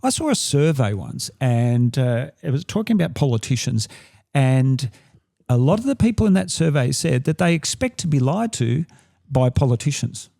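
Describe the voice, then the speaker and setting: An Australian man co-hosting a podcast, talking in an animated, emphatic way with frequent restarts. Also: mid-range voice, moderate pace, gravelly, dry recording, clean studio sound. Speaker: podcast co-host, deception expert. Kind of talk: casual podcast chat.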